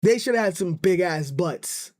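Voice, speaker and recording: High-voiced man ranting on a stream. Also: expressive, normal speed, a little mellow. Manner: ranting, rambling with many restarts. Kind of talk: casual chat.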